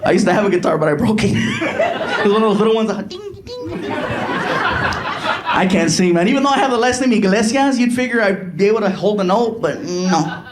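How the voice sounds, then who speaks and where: A man performing stand-up comedy on a live stage, animated and chatty, ribbing the audience. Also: high voice, quick pace, a crowd in the background.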